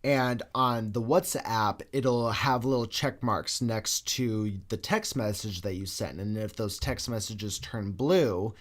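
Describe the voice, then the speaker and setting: A man's voice: fairly low pitch, slow, hardly any pauses. Casual man telling a creepy story. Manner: animated storyteller, swears freely. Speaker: podcast co-host. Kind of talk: casual chat.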